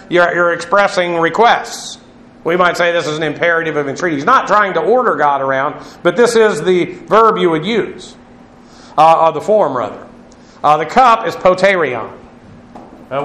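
A man's voice: fairly high pitch, fairly bright tone. A man giving a Bible lesson, explaining Greek words and spelling them out letter by letter. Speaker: Bible teacher. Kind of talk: classroom Bible lecture. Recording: echoey room.

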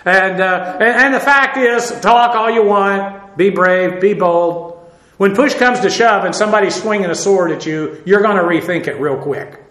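High-voiced man preaching a folksy sermon. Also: normal speed, a bit bright, roomy sound, low-quality recording. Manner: conversational, folksy, with frequent "uh" and asides.

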